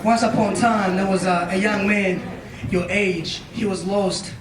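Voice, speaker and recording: A man's voice: high-pitched, steady tone, a little slow, over a noisy crowd. A man giving a motivational speech to young listeners, telling a story emphatically and with lots of repetition, often checking in with questions. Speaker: motivational speaker. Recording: echoey room, mic far off.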